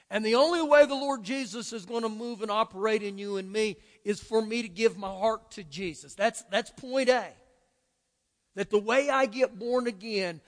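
A male pastor preaching an earnest, emphatic sermon in a church, drawing out key words of scripture for stress. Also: high voice. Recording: long reverb of a large hall.

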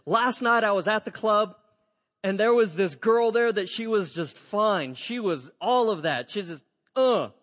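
A man's voice: high voice, animated, unhurried, a bit bright. Pastor doing a brash big guy at the barber. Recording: reverberant church hall.

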